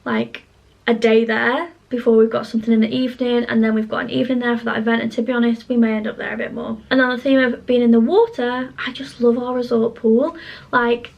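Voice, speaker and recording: A woman's voice: a little high, fairly even intonation, fairly quick, vocal fry, dull audio. A woman chatting casually to camera as a travel vlogger, bubbly and gushing, with plenty of filler "like"s.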